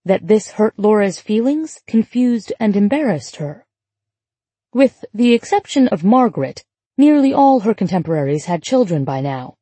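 Female audiobook narrator, husky and mellow, measured delivery, dry close recording. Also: mid-range voice, sing-song, no echo. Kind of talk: scripted narration.

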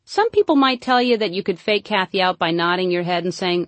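A woman reading a humorous book aloud, mostly deadpan with sudden playful jumps into high emphasis. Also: a little fast, few pauses, no room sound. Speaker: narrator. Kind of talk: comic audiobook narration.

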